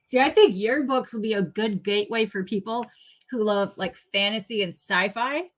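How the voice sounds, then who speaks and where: Female podcast host, average pitch, enthusiastic, laughs a lot. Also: normal speed. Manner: giggly, enthusiastic, laughs often. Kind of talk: casual podcast interview.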